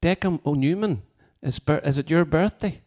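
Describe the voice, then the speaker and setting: A man's voice: fairly high pitch, normal speed, darkish tone. Chatty man hosting a home concert. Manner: rambling, chatty, reading out requests and birthday wishes. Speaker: host of a live music show. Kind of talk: casual chat between songs. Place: piano room at home.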